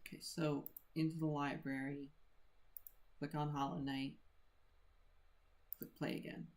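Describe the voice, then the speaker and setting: A woman's voice: sits low, little pitch movement, measured pace, darkish tone. A woman streaming a game, chatting casually and muttering to herself while she sets things up. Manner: laid-back, mutters to herself while setting up.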